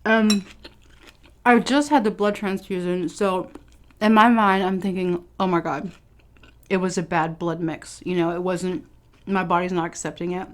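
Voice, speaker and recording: A woman's voice: on the low side, steady tone, moderate pace. A young woman vlogger telling a personal story to her viewers in a casual, chatty way, swearing now and then and laughing. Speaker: food vlogger.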